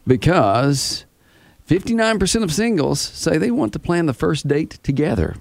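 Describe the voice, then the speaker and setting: A man's voice: a little high, sing-song, normal speed, creaky, no echo. A man hosting a morning radio show, chatting and reading survey figures between laughs. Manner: chatty, laughs often, reads survey numbers.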